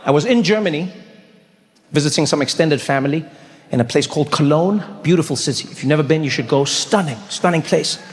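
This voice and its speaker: A man telling a story as a stand-up comedian, animated and acting out voices, on stage in a large hall. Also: fairly high pitch, brisk.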